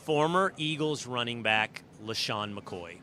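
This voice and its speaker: A middle-aged man hosting a show, telling casual stories and previewing guests in an animated, emphatic way from a green room. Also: mid-range voice, measured pace. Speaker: show host. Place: green room at a live event.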